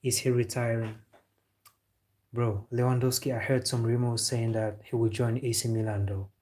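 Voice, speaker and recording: A man's voice: medium pitch, level tone, moderate pace, a little mellow, slight background noise. A man from Senegal hosting a football live stream. He chats casually, answers viewer comments, jokes and says "bro" a lot. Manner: laid-back, joking, says "bro" often.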